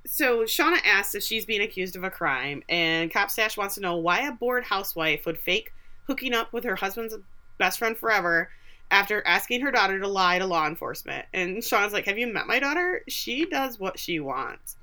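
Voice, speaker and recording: A woman with a bright, forceful voice chats through a TV episode recap. She slips into quick impressions of the characters as she retells scenes. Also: medium pitch, expressive. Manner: chatty, acts out quotes from the show. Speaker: podcast co-host. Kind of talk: casual episode recap chat.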